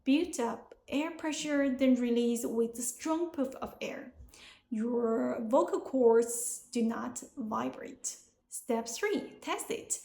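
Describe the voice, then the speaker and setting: Young Chinese-accented woman language teacher, unhurried and deliberate delivery. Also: fairly high pitch, gravelly, dark tone, echoey room. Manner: slow, careful, deliberate explanation. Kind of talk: pronunciation lesson.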